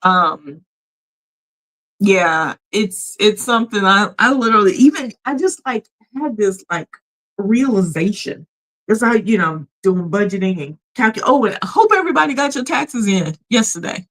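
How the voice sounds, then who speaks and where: A woman's voice: mid-range voice, expressive, normal speed, fairly bright tone, low-quality recording. A woman hosting a casual livestream, chatty and emphatic, with a polished radio voice. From United States. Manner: chatty, emphatic, often laughs and reads chat messages aloud. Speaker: livestream host.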